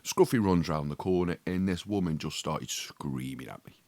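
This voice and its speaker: A man's voice: a bass voice, expressive, normal speed, darkish tone. A man, co-hosting a podcast and telling a story in casual chat, acting out the other people's voices and swearing freely. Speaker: podcast co-host.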